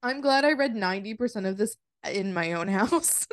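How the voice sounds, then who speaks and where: A woman's voice: medium pitch, animated, normal speed, no room sound, clean studio sound. A woman co-hosting a casual book podcast, laughing often as she recounts scenes. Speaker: podcast co-host.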